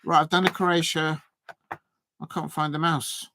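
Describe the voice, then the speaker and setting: A man hosting a live football watch-along, chatting with viewers and getting excitable, even shouting, at big moments in the match. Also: a little high, a little slow, gravelly. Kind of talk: live match reaction and chat.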